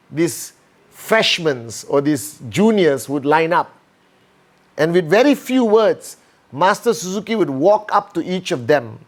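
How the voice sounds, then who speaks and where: A male motivational trainer with a high voice tells a parable to his audience. He repeats words and checks in with the listeners as he goes. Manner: repetitive, checks in with "all right?" and "okay". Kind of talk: motivational storytelling lesson.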